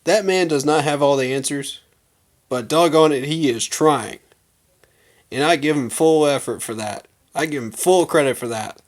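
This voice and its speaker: A man's voice: fairly high pitch, normal speed. A man hosting a fan channel, giving a heated, emphatic rant full of slang to his viewers. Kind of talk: casual fan rant to camera.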